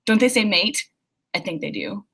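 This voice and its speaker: A woman's voice: medium pitch, expressive, normal speed, pushed and bright, slightly rough. Bubbly Oklahoma woman hosting a livestream. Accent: Oklahoma, Southern US. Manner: bubbly, chatty, lots of fillers and laughs. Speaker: livestream host. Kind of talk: casual livestream chat reading comments.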